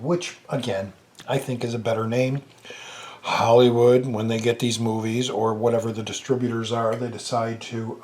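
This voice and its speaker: A man chatting casually in a home vlog, rambling and correcting himself, sometimes talking while eating. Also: medium pitch. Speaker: movie review vlogger.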